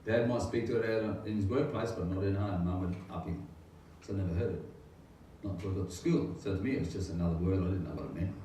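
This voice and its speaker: Speaking fast in a low, dark-toned voice, a middle-aged man who pastors shares his testimony of faith earnestly, wandering as he goes and posing rhetorical questions. The mic sits far off in a very reverberant room, and there's faint noise.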